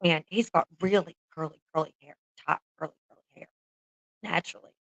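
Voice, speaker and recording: A woman's voice: low voice, fairly even intonation, a little fast, fairly bright tone, no room sound, dull audio. A woman chatting casually on a livestream, laughing often and swearing freely as she talks to her viewers.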